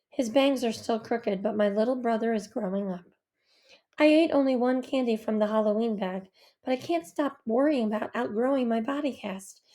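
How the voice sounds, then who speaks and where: Female audiobook narrator, gentle first-person read for young listeners, slightly high and mellow tone.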